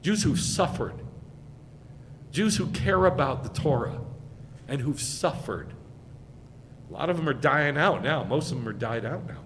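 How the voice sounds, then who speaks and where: A man's voice: medium pitch, expressive, measured pace, pauses often, a little hiss or hum. Man preaching in a reverberant hall. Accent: American. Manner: emphatic, conversational preaching with wide swings in loudness. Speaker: rabbi. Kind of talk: sermon. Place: congregation hall.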